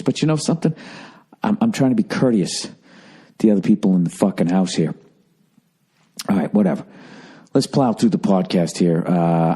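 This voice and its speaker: A man hosting a podcast from home, rambling in a sardonic, profane monologue at a hushed level. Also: deep voice, slightly rough. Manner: profane, sardonic, talking quietly. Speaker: podcast host. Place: at home, indoors.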